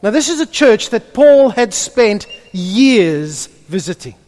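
A man in the role of pastor, praying softly and then preaching with emphasis. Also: high-pitched, slow pace. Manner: hushed in prayer, then lively and emphatic preaching. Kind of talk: prayer and sermon. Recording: long reverb of a large hall.

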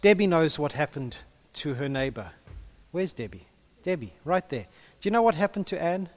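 Animated preacher, high voice. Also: male voice, normal speed. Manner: storytelling, animated, chatty with the congregation. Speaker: pastor. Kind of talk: sermon.

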